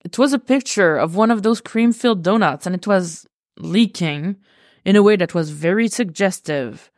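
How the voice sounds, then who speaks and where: A woman's voice: mid-range voice, moderate pace, a little mellow, no room sound, clean studio sound, close to an everyday voice. A woman reading a podfic, voicing an incredulous young man who needles his friend.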